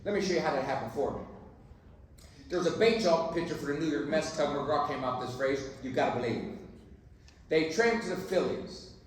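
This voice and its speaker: A man's voice: on the high side, expressive, a little fast, slight background noise. A man giving an inspirational keynote speech at a banquet, punchy and preachy, joking with the crowd and urging them on. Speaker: keynote speaker. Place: banquet hall. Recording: very echoey hall, distant mic.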